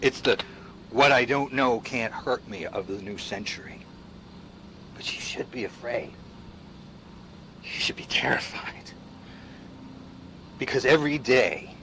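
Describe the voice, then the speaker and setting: An actor playing a paranoid male pundit in video game dialogue, ranting against machines and swinging from hushed whispers to shouts. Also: medium pitch, slight background noise.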